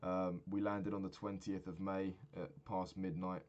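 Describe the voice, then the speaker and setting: A man's voice: deep voice, level tone, unhurried, a little mellow, highs cut off. A man in his twenties recapping a trip in a rambling, sweary, casual monologue, often laughing at his own stories. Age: 20s. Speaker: vlogger.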